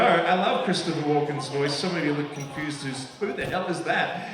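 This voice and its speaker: An Australian man doing stand-up at an awards night, teasing the crowd with playful banter. His voice sits high. He is picked up from a distance in a very echoey hall, with an audience audible around him. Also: normal speed. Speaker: comedian hosting an awards night. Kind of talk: stand-up comedy with crowd work. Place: large event hall with a live audience.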